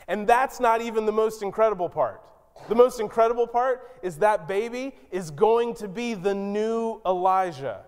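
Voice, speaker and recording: A man preaching a sermon as pastor, who acts out quoted lines with sudden high, loud outbursts. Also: lively intonation, normal speed, clean tone. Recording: long hall reverb.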